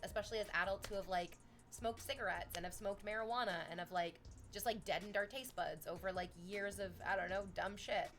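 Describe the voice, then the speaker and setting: A young woman streams and chats with her audience in a loose, animated way, swearing freely as she tells stories. Her voice sits in a middle pitch. Faint music plays behind her. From Canada. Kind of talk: casual chat with live chat.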